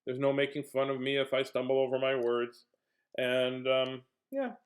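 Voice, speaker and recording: A man's voice: mid-range voice, moderate pace. A man hosting a casual read-aloud stream for children, chatting playfully and joking with young viewers between pages. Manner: jokey, clowning between reading. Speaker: children's book reader and host.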